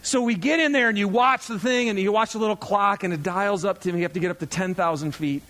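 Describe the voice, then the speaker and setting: A man in his thirties, a pastor, preaching in a chatty, animated storytelling way to his congregation. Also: sits high, quick pace.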